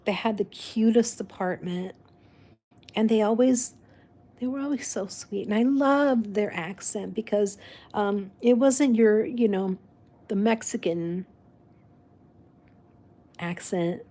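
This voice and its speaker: A woman whose first language is Spanish, talking in a casual, meandering chat. She speaks slowly, circles back on her own words, and breaks into laughter now and then. Her pitch sits in an ordinary middle range. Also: dark tone. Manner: rambling, restarts often, laughs. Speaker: vlog host.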